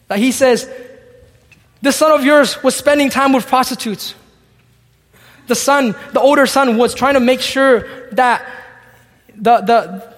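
A man's voice: very high-pitched, long reverb tail. A man preaching a sermon, reading scripture aloud and acting out its dialogue. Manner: expository, reads scripture and acts out the dialogue.

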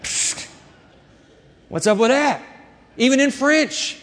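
Male pastor preaching in a high-pitched, dramatic voice, recorded with long church-hall reverb. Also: takes it slowly, pauses often. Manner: animated, dramatic delivery with shifting volume. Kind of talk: sermon.

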